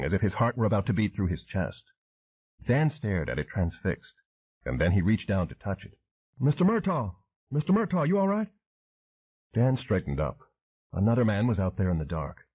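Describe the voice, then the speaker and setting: Low husky male audiobook narrator. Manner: dramatic storytelling. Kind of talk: scripted narration. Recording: tinny phone-like audio.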